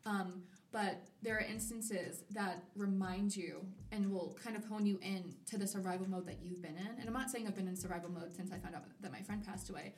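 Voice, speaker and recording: A woman's voice: mid-range voice, a little fast, few pauses. A college student in her twenties, a guest on a podcast, telling her story openly and acting out her own quoted thoughts. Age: 20s. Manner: open, candid storytelling, animated quoting of herself. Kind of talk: casual conversation. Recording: roomy, slightly distant mic.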